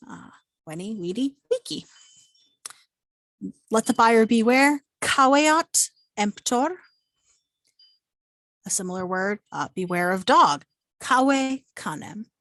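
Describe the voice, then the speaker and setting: A woman's voice: fairly high pitch, lively intonation, slow, long pauses, fairly bright tone, no room sound. Chatty woman teaching latin online, playful, lots of ums, dry close sound. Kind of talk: online class lecture. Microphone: video call microphone.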